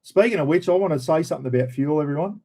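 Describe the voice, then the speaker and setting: A man's voice: on the high side, very fast, a little mellow, rough recording. A man with an Australian accent, casually chatting on a livestream and answering viewer comments in a blunt, opinionated and slangy way. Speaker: livestream host.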